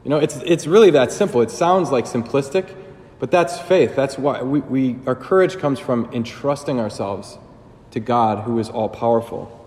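A man's voice: mid-range voice, moderate pace, darkish tone, roomy sound, long reverb tail. A man giving a sermon as a priest, talking casually and conversationally with fillers and joking asides.

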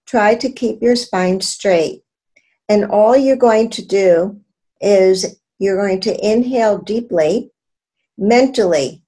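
A woman meditation teacher giving calm, measured guided instruction and chanting mantras softly during a video interview. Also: medium pitch, husky.

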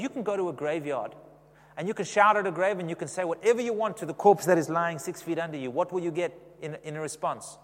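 A man's voice: on the high side, fast talker, big-room sound. A man preaching a sermon in a conversational way, often asking the congregation questions.

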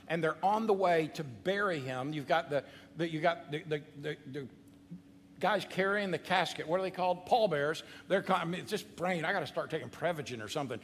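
A male pastor preaching a sermon in an animated, conversational way, with asides to the congregation. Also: on the high side, a little hiss or hum. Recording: long hall reverb.

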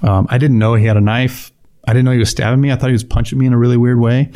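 A man's voice: mid-range voice, level tone, very fast, warm tone. A middle-aged man, a police officer, recounting an incident in an interview with frequent restarts and quoted lines. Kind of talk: storytelling interview.

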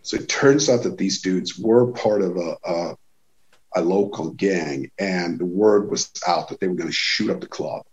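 A man from Sweden tells a story in loose, casual chat. He swears freely and jumps into the voices of the people he quotes. His voice sits somewhat low, and the recording sounds dull and muffled. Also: normal speed. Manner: animated, swearing, acts out quotes with raised voice. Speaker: touring musician telling a story.

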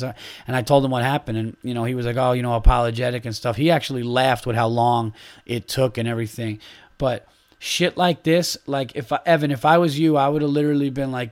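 A man's voice: medium pitch, quick pace. A man hosting his own podcast, ranting in a heated, casual way and swearing freely. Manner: animated, heated ranting with profanity. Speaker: podcast host. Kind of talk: casual solo podcast rant.

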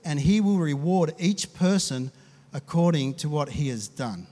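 Man, pastor, high voice, conversational sermon, long hall reverb. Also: animated, a little slow, mellow. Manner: conversational, with restarts and acted quotes.

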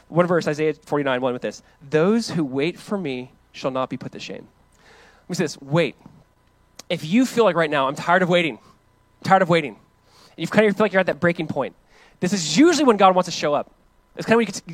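A man in his thirties preaching a conversational sermon, animated, with playful asides and acted-out quotes. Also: on the high side, dry recording, poor audio. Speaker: pastor.

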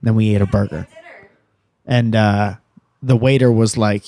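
A man's voice: fairly low pitch, steady tone, a little slow, warm tone, no room sound. A young man co-hosting a casual podcast, rambling and joking with crude, profane humor. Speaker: podcast co-host.

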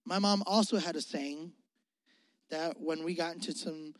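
A man preaching to a youth group in a high, bright-leaning voice. He repeats his key lines with conviction, sometimes loud, sometimes hushed. The voice is close and dry, but a long hall reverb trails behind it. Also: moderate pace. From Mississippi. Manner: earnest, repetitive, swings between loud emphasis and hushed intimacy. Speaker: youth pastor. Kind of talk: youth sermon.

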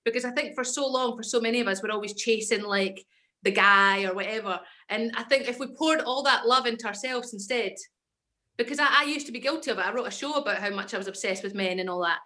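A woman's voice: on the high side, fast, pushed and bright. A young Scottish woman, an actress and comedian, chatting as a podcast guest and telling stories with confident enthusiasm. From Scotland. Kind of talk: casual podcast chat.

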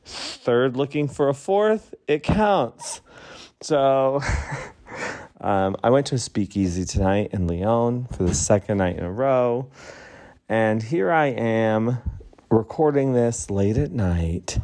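A man's voice: on the low side, lively intonation, slow pace, warm tone. A tipsy man hosting a podcast, rambling through a casual late-night monologue and laughing often. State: tipsy from wine. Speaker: podcast host.

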